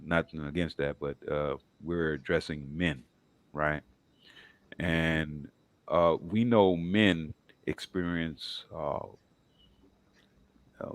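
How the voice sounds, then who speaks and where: A man on a discussion panel speaking in a measured, sermon-like way, with many filler pauses. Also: a bass voice, no echo. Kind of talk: preachy panel talk.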